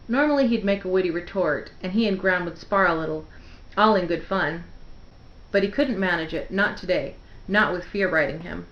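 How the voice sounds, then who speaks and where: A woman with a fairly low voice reads the opening pages of a novel aloud, measured and expressive. The recording is roomy and a little dull, like a home setup. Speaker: book reader.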